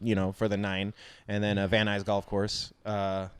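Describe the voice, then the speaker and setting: A man's voice: lowish voice, moderate pace, clear, resonant tone, dry recording. A man co-hosting a podcast in casual chat, telling stories with frequent laughs and casual swearing. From Southern California. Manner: laughs often, swears casually, animated storytelling. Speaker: podcast co-host.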